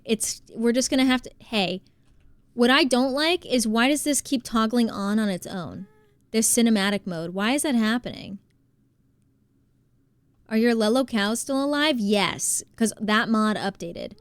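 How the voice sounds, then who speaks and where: A woman from New Jersey, live streaming and chatting casually while she plays, reading out and thanking her chat, quick to exclaim. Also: a little high, clear, resonant tone, dry recording.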